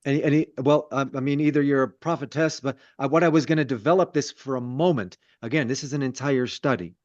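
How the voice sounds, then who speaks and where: A man's voice: mid-range voice, fast talker, a little mellow, no echo. A man, a rabbi leading a Torah study, teaching conversationally with repeated words and self-deprecating asides. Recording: dull lo-fi sound.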